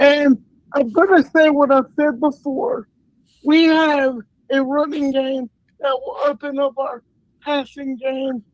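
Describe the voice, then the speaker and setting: A man's voice: very high voice, dry recording. A man in his forties from North Carolina, calling in to a sports show and talking earnestly as a fan. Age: 40s. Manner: slow, earnest fan talk. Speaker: caller. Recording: dull phone line.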